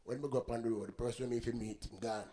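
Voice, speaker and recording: A man's voice: medium pitch, fairly even intonation, rapid-fire, mellow. A man giving a rambling, preachy spoken reflection between songs, mixing in patois sayings.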